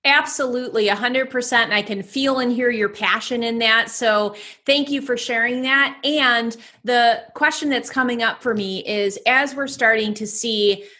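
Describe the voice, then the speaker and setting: A woman hosts a podcast interview. Her voice is fairly high and bright. She asks thoughtful questions and affirms her guest. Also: moderate pace, few pauses. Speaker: podcast host. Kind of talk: casual interview talk.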